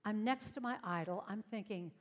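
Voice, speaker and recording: On stage before a live audience, a woman gives an inspirational talk, animatedly telling stories and acting out the voices in them. Her mid-range voice moves at normal speed, trailed by a long reverb.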